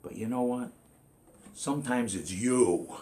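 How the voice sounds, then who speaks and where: A man's voice: medium pitch, unhurried, mellow, slight background noise. A man telling jokes in a rambling, folksy way as a comedy vlogger, full of "you know" asides.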